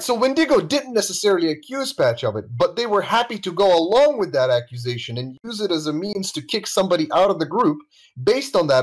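A man with a husky, slightly high voice that swings widely up and down. He hosts a casual voice call, talking bluntly, swearing freely and asking the others to confirm his points. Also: poor audio. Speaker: channel host leading a voice call. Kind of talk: casual heated call chat. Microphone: voice chat call.

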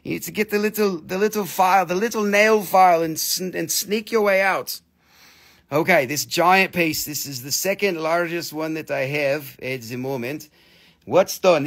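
A man selling crystals on a live stream, rattling off prices and teasing viewers in a playful, joking way that jumps from loud to mumbled. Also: fairly high pitch. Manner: playful, joking, swings between loud teasing and quiet muttering. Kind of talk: live sales stream patter.

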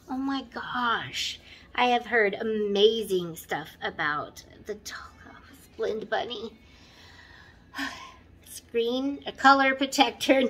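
Gushing, slow-talking woman beauty vlogger. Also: fairly high pitch. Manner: gushing, excitable, keeps addressing viewers; drops to soft whispers when admiring products. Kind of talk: casual unboxing chat.

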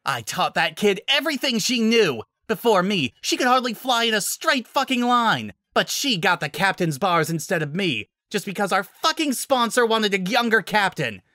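A man's voice: high-pitched, very animated, extremely slow, hardly any pauses, pushed and bright, no echo, clean studio sound, voice pushed up, exaggerated voice. A man voicing an unhinged, vengeful female ex-flier villain who screams and swears in a frantic rage. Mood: raging.

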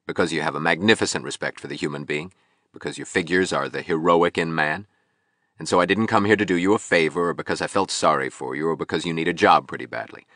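A man reading an audiobook, voicing a resolute male architect who speaks clearly and carefully. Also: rumbling low, fast, sharp tone, dry recording, clean studio sound. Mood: steady.

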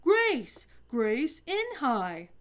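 A woman voicing a loud, excitable young schoolboy who shouts in a storybook reading. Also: mid-range voice, slow. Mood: excited.

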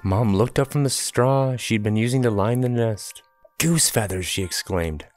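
Casting: man co-reading a kids' book aloud, calm and steady, faint music under. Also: on the low side, unhurried, no room sound. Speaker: children's book co-reader.

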